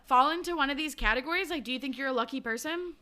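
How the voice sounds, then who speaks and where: A woman's voice: sits high, fast, bright, forceful tone. A woman hosting a book podcast, chatty and casual, recapping a novel with a laugh and the odd swear. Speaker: podcast host.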